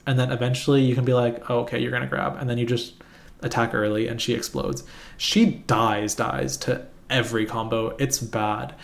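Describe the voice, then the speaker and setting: A man's voice: medium pitch, gravelly. A man talking through a fighting game matchup in a loose, rambling way, correcting himself and restarting sentences. He pokes fun at his own drawing and laughs it off as he goes. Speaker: competitive gamer explaining matchups. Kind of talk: casual explanatory commentary while drawing.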